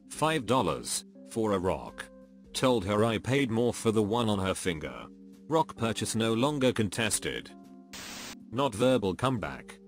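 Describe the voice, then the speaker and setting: Male narrator, lowish voice with lively pitch, reading short stories over faint music. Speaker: narrator reading Reddit posts. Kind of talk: scripted narration.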